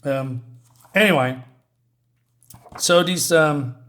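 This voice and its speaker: A man's voice: on the high side, extremely slow, sharp tone. Hesitant man reviewing a comic. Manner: hesitant, many ums and restarts. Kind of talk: casual spoken review.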